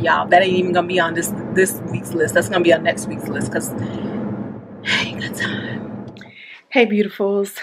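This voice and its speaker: A woman's voice: fairly low pitch, breathy edge. A woman in her thirties filming a casual home vlog, talking straight to her viewers and calling them "y'all" as she walks from room to room. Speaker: vlogger. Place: inside a home, walking between rooms.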